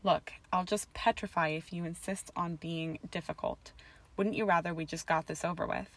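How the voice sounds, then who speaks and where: A determined young witch speaks in a soft, patient voice with a firm edge, as a woman reads her aloud. Her voice sits a little low. This is a storybook reading. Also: steady tone, normal speed. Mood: stern.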